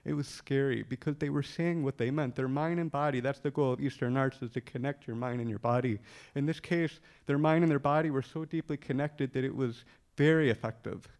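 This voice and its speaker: With a medium-pitched, darkish voice and a steady tone, a man briskly recounts a funny episode from his own life. He frequently laughs and voices the lines of the other characters as he tells it.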